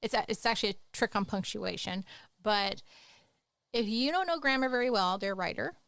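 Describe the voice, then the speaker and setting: A woman chats on a writing podcast, jumping between lively explanation and playful teasing as she would with her students. Her voice is mid-pitched and sits close to the mic in a dry, unreverberant recording. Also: moderate pace, gravelly, no room sound. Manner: animated, playful teacherly asides. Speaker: podcast co-host. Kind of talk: casual podcast chat.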